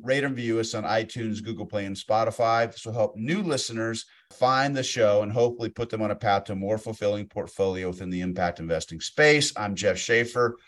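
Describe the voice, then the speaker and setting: A man's voice: on the low side, brisk, hardly any pauses. A man in his forties hosting a podcast interview, easygoing and self-deprecating, chatting casually with his guest. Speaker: podcast host.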